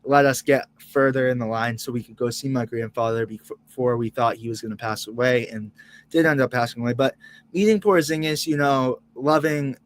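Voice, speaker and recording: A man's voice: mid-range voice, fairly quick. A young man reacting live as co-host of a sports fan show, emotional and rambling, restarting and repeating words.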